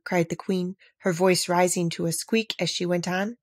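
A woman reading a classic children's storybook aloud with expressive, animated narration. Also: fairly low pitch, measured pace, hardly any pauses, slightly rough, dry recording, studio quality. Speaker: audiobook narrator.

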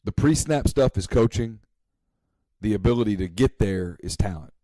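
A man's voice: fairly low pitch, expressive, moderate pace, warm tone, no echo, rough recording. A man co-hosting a casual sports talk show, acting out little scenes in quoted voices.

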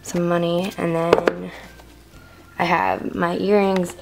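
A woman's voice: fairly low pitch, flat delivery, slow pace, vocal fry, heavy background noise. A teenage girl giving a rambling, filler-heavy room-tour vlog to a handheld camera in her bedroom. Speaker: vlogger.

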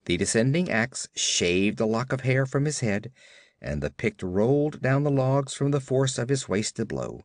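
A man's voice: medium pitch, unhurried, no room sound, clean studio sound. Dramatic male audiobook narrator. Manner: dramatic, expressive storytelling.

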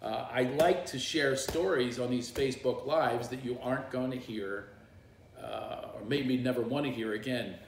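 A middle-aged comedian tells loose, rambling stories on a livestream and often laughs along the way. His voice sits at an ordinary pitch for a man. It bounces around a small office, with a faint hum of room sound underneath. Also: normal speed, gravelly, echoey room. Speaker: comedian and coach hosting a livestream. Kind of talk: casual storytelling on a livestream.

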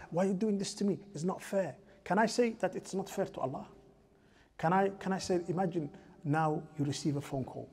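Male imam, mosque lecture, brisk husky delivery, rhetorical questions, chanted recitation. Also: fairly high pitch, warm tone.

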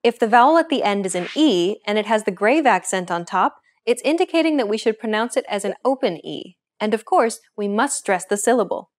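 A woman hosting a scripted beginner language lesson. She explains each grammar point in a clear, steady teaching voice. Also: medium pitch, a little fast, hardly any pauses.

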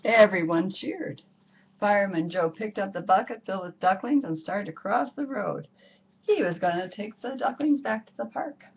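A woman reading a children's picture book aloud, expressive and drawing out words for effect. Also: medium pitch, moderate pace, slight background noise. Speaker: storybook reader. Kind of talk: children's story read-aloud. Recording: muffled lo-fi recording.

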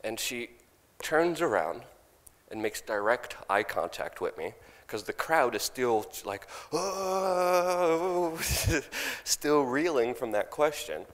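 A young man on stage, animatedly telling a story and loudly acting out his own past lines, with laughs in between. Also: medium pitch, expressive, slow. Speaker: speaker at a conference. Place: large conference hall. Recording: long hall reverb.

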